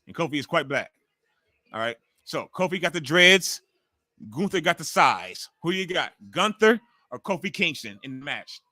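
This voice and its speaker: A middle-aged male stream host with a sharp, forceful tone, chatting loosely with his viewers and swearing freely. His voice sits a little high for a man. It sounds close and dry, with no room echo. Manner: loose, profane, talks straight to the chat. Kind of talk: casual watch-along chat with viewers.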